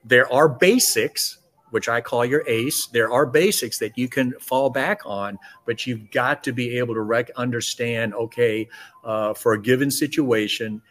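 A man co-hosting a podcast and explaining de-escalation as a security trainer, speaking emphatically in quick lists. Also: medium pitch, a bit bright. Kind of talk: conversational podcast talk.

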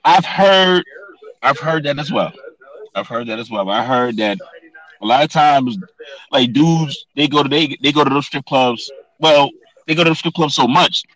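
A man's voice: mid-range voice, normal speed, fairly bright tone, rough recording. A man co-hosting a podcast in a laid-back, profane casual chat, often asking "you know what I mean". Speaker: podcast co-host.

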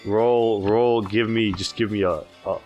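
A man narrating as game master in a tabletop game, speaking in a casual, halting, jokey way. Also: fairly low pitch, steady tone, darkish tone, dull audio, faint music behind.

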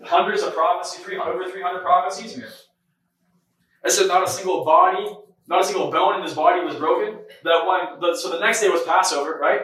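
A man's voice: high voice, fairly even intonation, normal speed, a bit bright, a little hiss or hum. A man hosting a podcast, preaching a casual spoken sermon with fervor, tossing in "man", "right?" and "come on". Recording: very echoey room, mic far off.

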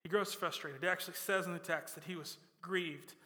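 A man's voice: sits high, steady tone, fairly quick. Emphatic male preacher in a reverberant hall. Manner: emphatic, swinging from loud to soft. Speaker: pastor. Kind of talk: sermon.

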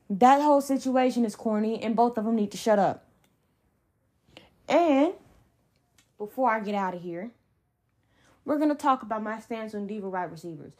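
A young adult woman hosting a solo sports podcast, ranting in a heated, emphatic way with blunt slang. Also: a little high. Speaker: podcast host.

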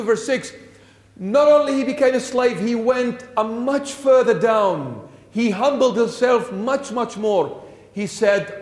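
Emphatic high-voiced male preacher, echoey church. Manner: emphatic, repeats phrases, asks rhetorical questions. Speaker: bishop preaching. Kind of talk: sermon.

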